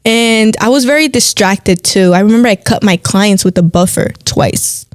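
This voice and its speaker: A woman's voice: medium pitch, moderate pace, no echo, studio quality. A woman co-hosting a podcast, telling a faith testimony in casual chat and acting out the voices of people she quotes. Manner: animated storyteller, acts out quoted voices. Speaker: podcast co-host.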